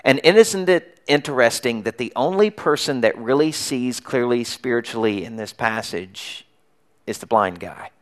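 A middle-aged man delivers a Sunday sermon, walking his congregation through a Bible story. He tells it with animation, slipping into raised, shouted lines for the people in it. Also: mid-range voice, a little slow. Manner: animated storytelling, acting out the crowd's and beggar's shouts. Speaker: pastor.

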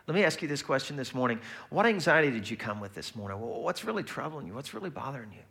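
Male pastor, casual sermon delivery, bright forceful tone. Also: mid-range voice, fast. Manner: conversational and lively, acts out quoted voices.

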